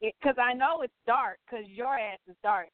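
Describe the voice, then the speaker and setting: Co-host: blunt, teasing woman, slightly high voice, tinny phone-line sound. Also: normal speed, dry recording. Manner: blunt, teasing, trips over names. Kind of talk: casual chat.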